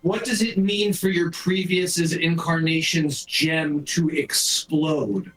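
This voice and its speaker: A woman playing a tabletop game, asking questions in a slow, halting way and stumbling over names. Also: deep voice, distant mic, soft background music. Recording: roomy echo.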